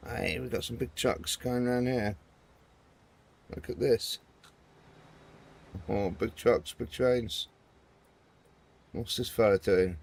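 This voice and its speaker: A man's voice: mid-range voice, takes it slowly, gravelly, long pauses, a little mellow, slightly rough. A man hosting a gaming video, giving casual, rambling commentary and chatting to viewers as he plays.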